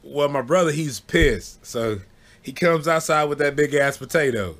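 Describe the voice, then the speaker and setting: A young man telling a childhood story in a relaxed, rambling vlog style, often checking in with "you know what I'm saying" and breaking into laughter. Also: on the high side, normal speed. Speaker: vlogger. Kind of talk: casual storytelling.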